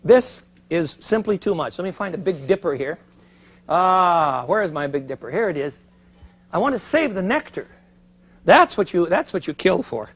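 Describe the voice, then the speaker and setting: A middle-aged man hosting a TV cooking show, chatty and animated, thinking aloud as he cooks in a studio kitchen. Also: sits high, moderate pace, a little hiss or hum. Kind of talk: TV cooking demonstration. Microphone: broadcast mic.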